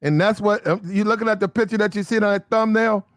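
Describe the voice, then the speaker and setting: High-pitched guy telling a story with lots of slang, dry close sound. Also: quick pace, no echo. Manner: animated, vivid storytelling with slang. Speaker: commentator. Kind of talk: storytelling commentary.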